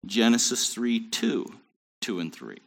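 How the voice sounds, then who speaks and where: Low-voiced man teaching scripture, lively. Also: a little slow, vocal fry. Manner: conversational, with joking asides and restarts. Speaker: Bible teacher. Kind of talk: Bible study teaching.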